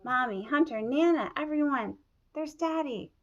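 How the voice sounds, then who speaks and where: A woman voicing an eager, brave little girl in a read-aloud storybook, her voice raised high and bright. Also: animated, normal speed, gravelly, dull audio. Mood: excited.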